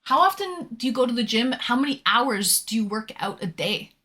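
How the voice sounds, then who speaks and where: A woman's voice: on the high side, very animated, moderate pace, bright, forceful tone. A woman live streamer chatting casually, reading viewer messages aloud with a teasing, chatty manner and casual swearing.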